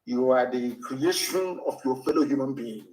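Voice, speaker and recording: A man's voice: mid-range voice, normal speed, darkish tone, reverberant, poor audio. A man with a Nigerian English accent giving an impassioned, scornful political speech full of insults and rhetorical questions. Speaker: activist speaker.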